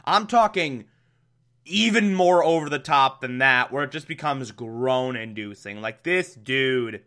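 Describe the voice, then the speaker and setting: Drawling, bright-voiced sarcastic TV reviewer, casual recap. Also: medium pitch, animated, a little slow. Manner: sarcastic, exasperated, bursts into laughter. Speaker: TV episode reviewer.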